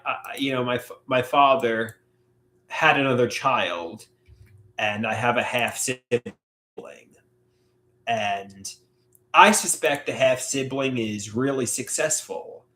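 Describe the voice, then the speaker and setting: A man hosting a live solo stream, talking in a halting, reflective way with many filler words. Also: mid-range voice, fairly bright tone. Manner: halting, reflective, frequent "you know" fillers. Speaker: livestream host. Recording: echoey room.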